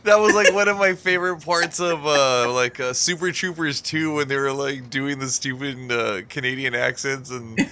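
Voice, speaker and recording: A man co-hosting a comedy podcast, slowly telling crude jokes and laughing at them. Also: mid-range voice, steady tone, pushed and bright, slight background noise. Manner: slow storytelling of dirty jokes, laughs at himself. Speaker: podcast co-host.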